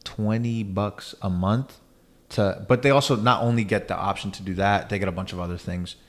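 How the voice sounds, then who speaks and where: Very deep-voiced young man chatting casually. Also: steady tone, moderate pace. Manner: loose and chatty, peppered with "you know what I'm saying". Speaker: podcast host. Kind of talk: casual chat.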